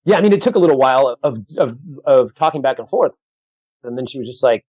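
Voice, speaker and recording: With no room sound, a man with a medium-pitched voice talks fast as a comedian guest on a podcast, joining by video call. His storytelling rambles and restarts often as he animatedly acts out both parties in a conversation. The sound quality is dull and lo-fi.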